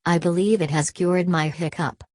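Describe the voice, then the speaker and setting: A man's voice: fairly high pitch, fairly even intonation, normal speed, dry recording, close to an everyday voice. A woman reading an audiobook, voicing a tipsy, giggling young man who squeals and hiccups. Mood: tipsy, gushing.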